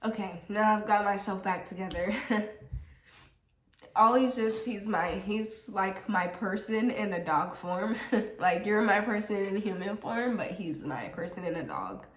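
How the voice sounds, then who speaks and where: A young woman talks through viewer questions in a relaxed, chatty way. She laughs often and wears her feelings openly. The room around her is echoey. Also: mid-range voice, measured pace. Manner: giggly and emotional, laughs often. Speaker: vlogger answering viewer questions. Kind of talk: casual Q&A chat. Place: home.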